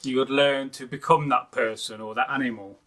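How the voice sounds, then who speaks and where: A man's voice: mid-range voice, fairly even intonation, normal speed, fairly bright tone. Curious man with a Derbyshire accent. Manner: inquisitive, asks interviewer-style questions. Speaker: co-host. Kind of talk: casual chat.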